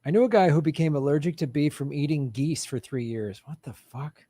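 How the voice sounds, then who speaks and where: A comedian host answering live chat in a casual, sarcastic, joking way, swearing and laughing often into a studio microphone. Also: male voice, on the high side, a little fast, mellow, no echo.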